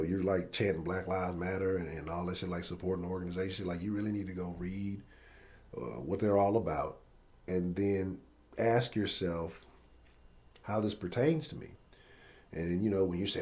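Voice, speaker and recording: A man's voice: low voice, normal speed, a little mellow. A man hosting a live-stream sports talk show, ranting bluntly and profanely. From Houston area.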